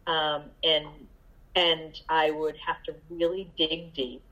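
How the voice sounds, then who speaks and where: Low-voiced middle-aged woman sharing candidly. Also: little pitch movement, a bit bright, highs cut off. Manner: halting, candid, many fillers and restarts. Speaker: recovery meeting speaker. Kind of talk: personal recovery share.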